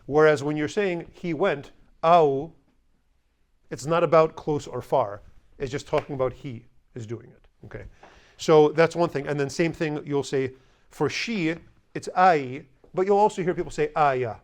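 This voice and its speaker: A man teaching a language class, explaining grammar in a conversational way and slowly repeating example words. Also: on the high side. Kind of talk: classroom lesson.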